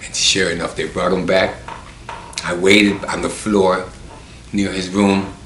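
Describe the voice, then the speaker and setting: Man, low voice, personal storytelling, reflective, emotional, roomy echo. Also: little pitch movement, a little slow, a bit bright. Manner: emotional, reflective, acts out remembered dialogue. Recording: roomy with faint background noise.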